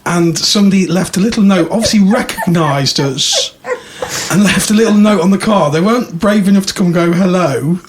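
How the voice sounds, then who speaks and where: A man's voice: sits high, brisk, background noise. A man co-hosting a podcast, telling jokey stories and laughing often. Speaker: podcast co-host. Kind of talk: casual chat.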